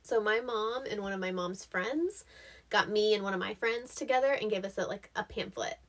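A woman's voice: mid-range voice, moderate pace. A young woman co-hosting a podcast in casual chat, telling stories with lots of laughter and acted-out quotes. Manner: animated storyteller, laughs often, acts out quotes. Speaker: podcast co-host.

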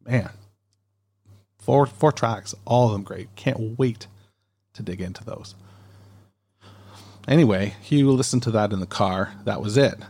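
Gravelly low-voiced man hosting a podcast. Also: a little slow, long pauses, darkish tone. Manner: chatty, rambling, with frequent ums and self-corrections. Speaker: podcast host. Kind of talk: casual podcast chat reading listener emails. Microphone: dynamic studio mic. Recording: home podcast recording.

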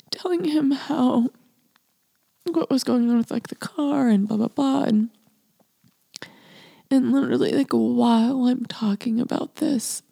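A woman hosting a casual solo podcast, rambling and confessional with lots of "like", often sinking to a breathy near-whisper. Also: high-pitched, warm tone, dry recording. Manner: rambling and confessional, heavy use of "like". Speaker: podcast host.

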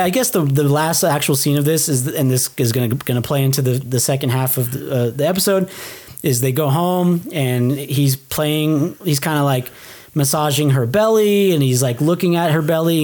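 A man co-hosting a podcast, casually recapping a TV episode and acting out the characters' lines. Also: fairly high pitch. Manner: animated retelling, acts out characters' lines. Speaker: podcast co-host. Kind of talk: casual chat recapping a TV show.

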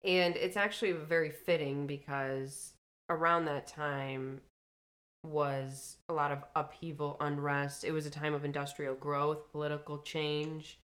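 Low, bright-voiced woman chatting loosely. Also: flat delivery, unhurried. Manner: loose, joking, swears casually. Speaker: podcast co-host. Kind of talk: casual chat.

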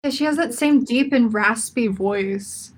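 A woman's voice: a little high, unhurried. A young woman in casual chat, chatty and opinionated, laughing often as she talks.

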